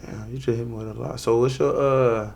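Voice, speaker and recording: A man's voice: mid-range voice, fairly even intonation, a little fast, gravelly, very noisy. Man asking short, casual questions. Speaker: interviewer. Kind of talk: casual interview.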